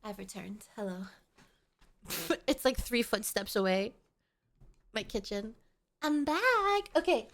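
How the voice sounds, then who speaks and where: A woman's voice: fairly high pitch, expressive, takes it slowly, long pauses, fairly bright tone. A woman streamer chatting casually with her viewers at home, playful, giggly and rambling. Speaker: VTuber streamer. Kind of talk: casual livestream chat.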